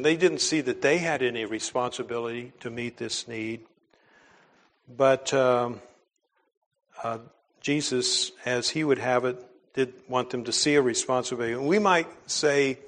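A pastor giving a conversational sermon in a church and reading scripture aloud, earnest and plain-spoken, often letting his phrases trail off quietly. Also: mid-range voice.

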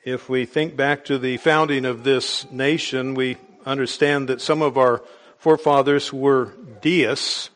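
A man preaching a sermon in a measured, explanatory way, with small restarts as he goes. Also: medium pitch, fairly even intonation, a bit bright.

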